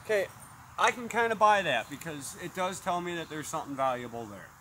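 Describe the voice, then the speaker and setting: A man's voice: a little high, expressive, brisk, a bit bright, poor audio. A man reviewing a metal detector outdoors, casually calling out each tone as he tests coins and metals. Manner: plainspoken, calls out tones as he tests. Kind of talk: casual product demonstration. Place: outdoors in a yard. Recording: outdoor noise behind the voice.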